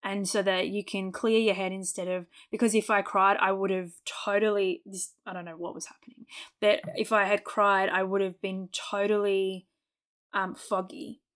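A woman's voice: medium pitch, little pitch movement, normal speed, a bit bright. Candid laughing woman podcaster. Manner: candid, laughs often, acts out her own past words. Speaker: podcast co-host. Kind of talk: casual chat.

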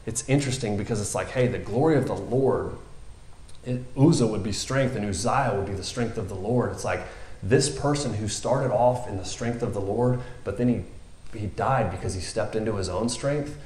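A man's voice: fairly low pitch, moderate pace, darkish tone. Male preacher, casual rambling delivery, echoey room. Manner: rambling and conversational, lots of fillers. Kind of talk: informal sermon.

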